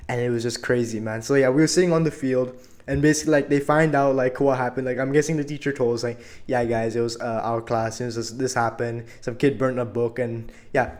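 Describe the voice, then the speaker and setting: Young male storyteller, quick and rambling, mid pitch, lots of filler words. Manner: rambling, filler-heavy, animated retelling. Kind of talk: casual storytime narration.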